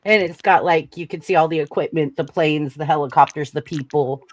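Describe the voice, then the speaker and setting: A host of a live online talk show speaks at a middle pitch over a video call. The delivery is loose and chatty, leaning on "like" as a filler. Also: fairly quick, slight background noise. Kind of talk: casual chat.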